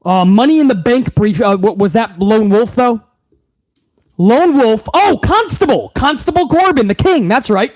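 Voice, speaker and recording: A man's voice: sits high, darkish tone, dry recording. A man hosting a live wrestling recap stream, talking in a profane, rambling way with frequent restarts. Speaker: wrestling show host.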